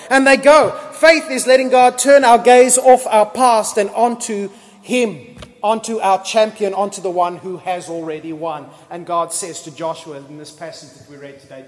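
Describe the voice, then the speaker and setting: A man preaching a sermon as pastor, lively and conversational, acting out scripture scenes in casual voices. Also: sits high, normal speed. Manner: lively, acts out biblical dialogue in casual voices. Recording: long reverb of a large hall.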